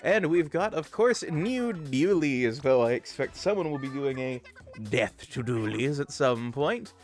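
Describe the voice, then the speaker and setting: A man streaming a game live, chatty and excitable, talking to his chat as he plays. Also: fairly high pitch, a little slow. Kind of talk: live gameplay commentary.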